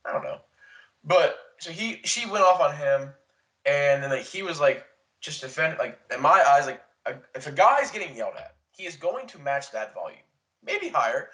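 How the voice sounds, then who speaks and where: A young man co-hosting a podcast, rambling through a casual chat, swearing often and retelling events with animated quotes. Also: fairly high pitch, fairly quick, poor audio. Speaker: podcast co-host. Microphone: desk podcast mic.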